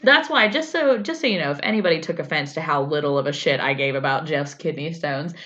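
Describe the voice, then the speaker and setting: A woman co-hosting a podcast, chatting casually in a blunt, animated way and swearing freely, on dull lo-fi audio. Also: sits low, fast. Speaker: podcast co-host. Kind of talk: casual chat recapping a reality show.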